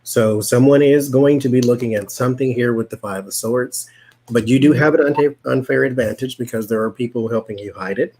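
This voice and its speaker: A tarot co-reader on a casual livestream, giving calm, measured card readings. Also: mid-range voice, breathy edge. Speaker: co-reader guest.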